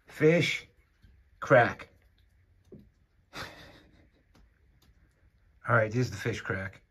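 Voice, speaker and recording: A man's voice: lowish voice, fairly even intonation, extremely slow, a bit bright, slightly rough. A man filming at his mountain home, chatting and teasing his cat in a casual way. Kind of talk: casual talk to a pet. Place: rural mountain home by a fire. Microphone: handheld camera.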